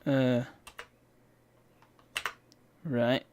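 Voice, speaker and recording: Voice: medium pitch, level tone, very slow, highs cut off, background noise. A streamer, chatting wryly and reading game text aloud while playing a retro game. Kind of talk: let's play commentary.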